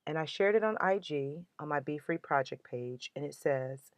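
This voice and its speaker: A woman's voice: low voice, moderate pace, no echo. A woman hosting a motivational podcast, talking in an earnest, emotional and uplifting way. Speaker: podcast host.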